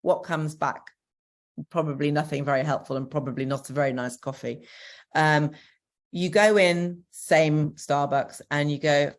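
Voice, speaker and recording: A woman's voice: low-pitched, fairly even intonation, a little slow. A woman with a Northern English accent, a co-parenting coach giving practical, encouraging advice in a Q&A, with frequent ums. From Northern England. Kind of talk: answering a question in a Q&A.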